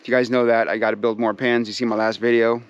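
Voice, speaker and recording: A man's voice: medium pitch, level tone, fast talker, dull audio. A man hosting a casual outdoor vlog at his pheasantry, folksy and rambling, full of fillers, often calling out to viewers and chatting sweetly to his birds. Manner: easygoing and folksy, many fillers, keeps addressing viewers as "you guys"; talks sweetly to his birds while walking around. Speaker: pheasant breeder and channel host.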